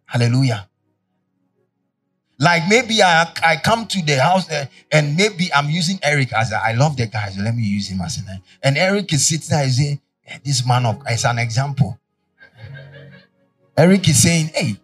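A man's voice: fairly high pitch, expressive, moderate pace, fairly bright tone, breathy edge, far from the mic, soft background music. A Ghanaian man preaching a sermon as pastor, leading his congregation in call-and-response with fill-in-the-blank questions.

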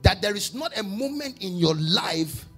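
Male pastor, high raspy voice with a lively swing, call-and-response sermon. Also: unhurried, faint music behind. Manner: call-and-response preaching, rising to shouts. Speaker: preacher.

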